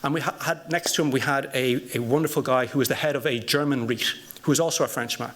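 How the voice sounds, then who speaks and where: A man's voice: mid-range voice, fairly even intonation, fast, fairly bright tone. A man on a conference panel, telling an anecdote and posing rhetorical questions to the audience. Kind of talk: panel discussion storytelling.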